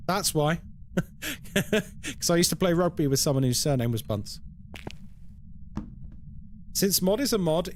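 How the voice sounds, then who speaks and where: A streamer with a high voice gives live commentary on a horror game, chatting with viewers and reacting out loud to what happens. There's slight background noise.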